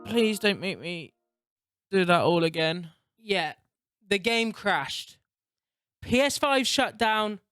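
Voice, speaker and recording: A man doing excitable, sweary gameplay commentary and narration, laughing often. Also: high voice, slow pace, pauses often, smooth, no echo, studio quality, faint music behind. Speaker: gaming YouTuber.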